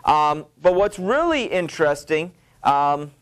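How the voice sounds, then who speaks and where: A man's voice: on the high side, big pitch swings, measured pace, smooth. Casual, rambling male literature teacher. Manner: casual, filler-heavy explaining with many ums and you knows. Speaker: high school literature teacher. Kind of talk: classroom lecture.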